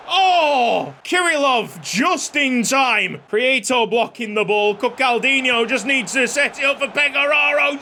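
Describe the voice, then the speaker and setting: A young man commentating on his football video game, excitable, shouting at chances and cracking jokes between plays. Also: very high voice, unhurried, hardly any pauses, a little hiss or hum. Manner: excitable, shouting at goals, jokey asides. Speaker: gaming YouTuber. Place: home recording room. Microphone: desk microphone.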